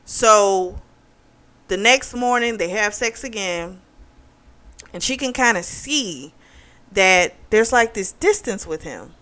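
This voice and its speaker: A young woman retells a plot at a mid pitch, chatty and animated, with plenty of fillers and laughter. Her voice is smooth and clear throughout. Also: slow, pauses often. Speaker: book club host.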